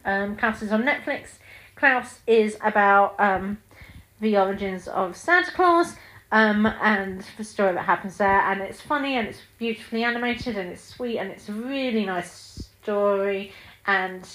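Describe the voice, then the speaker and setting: A woman's voice: medium pitch, unhurried, a bit bright, rough recording. A woman in her thirties hosting a solo film podcast, chatting in a gushing way with lots of ums. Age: 30s. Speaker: podcast host. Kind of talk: casual solo film chat.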